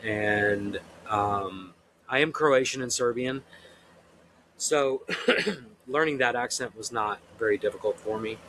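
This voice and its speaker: A man's voice: on the low side, slow, fairly bright tone, slight background noise, rough recording. A young man, an author being interviewed, chatting easily and laughing often. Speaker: author guest. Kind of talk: casual interview chat.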